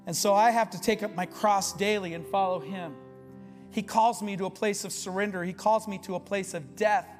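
Impassioned high-voiced male pastor, echoing hall. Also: steady tone, moderate pace, faint music behind. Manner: impassioned, swings from loud to hushed. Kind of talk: sermon. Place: church sanctuary. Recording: long reverb of a large hall.

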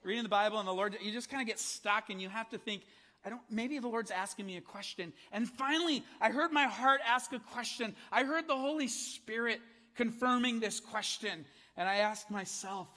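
A man preaching a sermon, reading scripture dramatically and dropping from loud calls to hushed words. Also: high-pitched, fast. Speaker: pastor. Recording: long hall reverb.

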